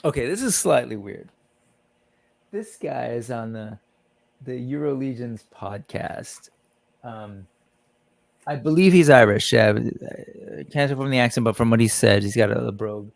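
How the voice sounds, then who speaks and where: Gravelly-voiced man hosting a live stream. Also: mid-range voice, expressive, unhurried, dry recording. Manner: reads and greets chat viewers by name. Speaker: livestream host. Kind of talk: casual livestream chat.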